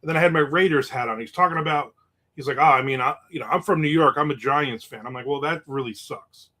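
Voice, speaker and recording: A man's voice: on the high side, quick pace, sharp tone. Rambling middle-aged man chatting on stream. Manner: rambling, reads viewer comments aloud. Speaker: livestream host. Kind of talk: casual livestream chat.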